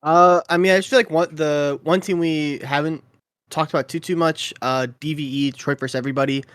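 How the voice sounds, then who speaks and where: A man's voice: a little high, steady tone, fairly quick, a bit bright, smooth, no room sound. Hesitant man on a dry mic. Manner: hesitant, many fillers and restarts. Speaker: panelist and player. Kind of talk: casual esports discussion.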